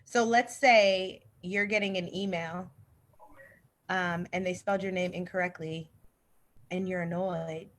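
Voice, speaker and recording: A woman speaking as a guest marketing consultant on a video call, talking in a lively, direct, conversational way. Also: lowish voice, unhurried. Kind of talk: casual online workshop talk.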